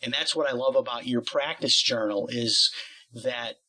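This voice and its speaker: A man's voice: medium pitch, normal speed, pushed and bright, low-quality recording. A man interviewing a singing teacher, explaining ideas at length with plenty of qualifiers and asides. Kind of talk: conversational interview.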